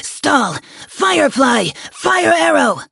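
A man's voice: extremely high pitch, sing-song, takes it slowly, vocal fry, sharp tone, dry recording, pitched above the performer's own voice, full character voice. A man voicing a young female goblin chieftain in an audiobook, snapping out short battle orders. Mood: commanding. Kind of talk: audiobook character voice.

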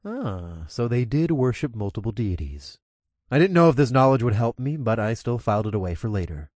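A man reading a first-person story aloud at an ordinary middle pitch. His character's lines come out in a low growl. The recording is dry and close, with no room sound. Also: big pitch swings, a little fast, darkish tone, dry recording. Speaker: narrator.

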